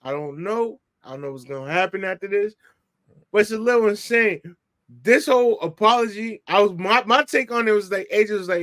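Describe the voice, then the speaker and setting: A man's voice: high-pitched, a little fast, a bit bright, dry recording, clean studio sound. A man co-hosting a casual boxing podcast, rambling in slang with frequent restarts. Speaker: podcast co-host.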